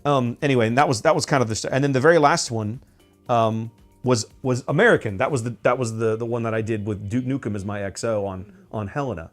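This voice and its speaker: A man's voice: mid-range voice, fast, soft background music. A man chatting casually on a stream as he paints miniatures, rambling with many fillers and restarts.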